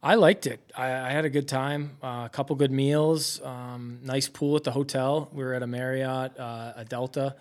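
A relaxed young man talking about his hockey life in an easy, unhurried way. He drops plenty of ums and uhs and slips in dry little jokes. His voice sits at an ordinary middle pitch for a man. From Massachusetts, US. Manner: easygoing, relaxed, with many fillers and light jokes. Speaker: professional hockey goaltender, guest. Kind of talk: casual interview chat.

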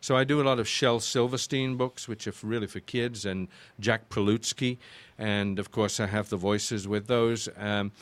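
A man's voice: lowish voice, fairly even intonation, normal speed. An older man from Yorkshire with an English accent, a voice actor chatting as a guest in an interview and rambling through his stories with restarts. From Yorkshire, northern England. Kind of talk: casual interview chat.

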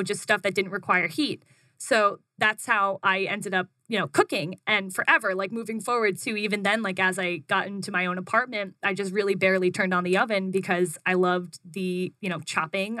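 A young woman telling a casual story in an interview, animated and chatty, jumping up in pitch when she quotes herself. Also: normal speed, no echo. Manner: animated, acts out her own quotes in a higher voice, frequent "like". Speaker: guest, food business founder.

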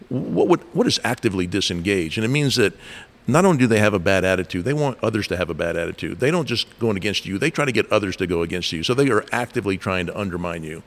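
Lowish-voiced man coaching with stories. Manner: animated storyteller, acts out quoted voices. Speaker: leadership coach and guest. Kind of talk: conversational explaining with stories.

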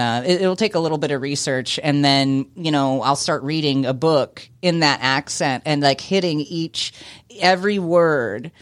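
A woman's voice: deep voice, no echo. A woman, a business owner and actor, chatting as a guest in a radio studio, rambling and laughing with the odd swear word. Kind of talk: casual radio interview chat.

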